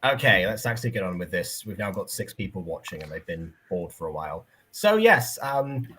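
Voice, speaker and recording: A man's voice: sits low, sing-song, brisk, bright, forceful tone, a little hiss or hum. A man hosting a live online review chat on a computer mic, chatty and self-deprecating, thinking aloud as he sets things up. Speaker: livestream host. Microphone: computer mic on a voice call.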